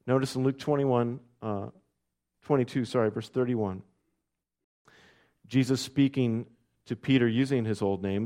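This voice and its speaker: Male pastor, mid-pitched, sermon delivery that lifts for the readings and sinks quiet. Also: steady tone, moderate pace, pauses often. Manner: reads scripture aloud with rising emphasis, then drops soft and low.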